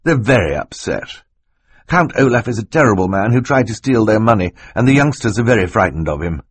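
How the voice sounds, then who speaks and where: A man's voice: on the low side, very animated, a little fast, husky, no room sound, voice pushed up. A man reading an audiobook voices a fussy, well-meaning middle-aged banker who talks in a polite, flustered way.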